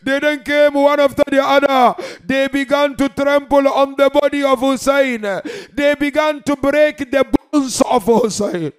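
Guy with a really high voice half singing a sad sermon, cries out loud at times. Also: fairly even intonation, measured pace, few pauses. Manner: emotional, half-sung recitation with loud cries. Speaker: preacher reciting a mourning narration. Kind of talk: chanted mourning sermon.

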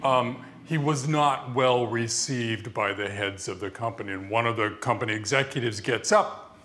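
A man in an interview, recounting events in an unhurried, conversational way with fillers. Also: medium pitch, a bit bright, a little hiss or hum. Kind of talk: interview storytelling.

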